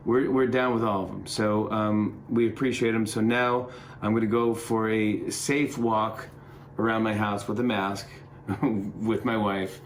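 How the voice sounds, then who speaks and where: A man's voice: on the low side, flat delivery, a little slow, slight background noise. A middle-aged man hosting a talk show from home, delivering a joking comedy monologue with an upbeat, rambling manner.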